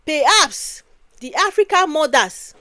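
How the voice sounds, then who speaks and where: A woman's voice: sits high, animated, slow, sharp tone, no echo. A woman from Nigeria with a Nigerian accent giving emphatic casual commentary, repeating phrases and ending lines with "oh".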